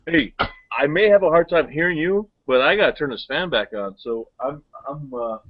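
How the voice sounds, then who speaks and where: A man's voice: on the high side, lively intonation, moderate pace. A man co-hosting over a video call, hot and sweaty, laid-back and joking with swearing. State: overheated, sweating. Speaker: co-host. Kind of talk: casual chat. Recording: dull lo-fi call audio.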